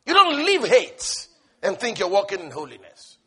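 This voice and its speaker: A man preaching a sermon with passion, swinging from shouted lines to hushed asides. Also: sits high, wildly swooping pitch, normal speed, slightly rough, a faint crowd.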